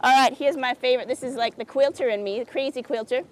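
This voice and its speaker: Actress as a perky craft-show host, high, folksy and sugary; outdoors by a lake. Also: female voice, fast, close to an everyday voice, low-quality recording. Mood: cheery. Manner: chirpy, folksy and sugary, keeps asking "isn't that sweet". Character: perky, oblivious small-town woman who hosts a craft show. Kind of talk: comedic public-access TV hosting.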